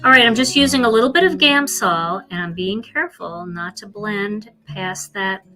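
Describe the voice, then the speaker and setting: A woman's voice: mid-range voice, normal speed, pushed and bright, soft background music. A woman with a Philadelphia accent hosting a live card-making demonstration, chatty and self-deprecating as she colors. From Philadelphia, USA.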